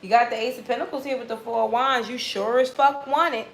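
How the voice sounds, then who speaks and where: A woman giving a casual tarot reading in a blunt, profane, animated way. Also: fairly high pitch, brisk, creaky, echoey room, a little hiss or hum, low-quality recording. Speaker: tarot reader.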